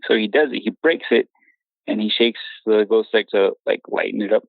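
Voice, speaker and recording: A young man tells his own story in a rambling, halting way, full of restarts and nervous laughs. His voice sits low and gravelly. He comes through a tinny phone line with a dry, close sound. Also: no echo. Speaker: caller telling his own encounter story. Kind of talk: casual storytelling.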